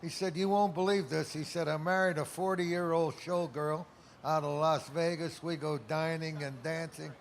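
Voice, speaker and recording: A man in his eighties with a fairly high voice tells jokes in a wry, storytelling way as he accepts an award. A faint hiss of noise sits under the recording. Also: fairly even intonation, moderate pace. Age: 80s. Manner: joke-telling, wry storyteller. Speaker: award honoree.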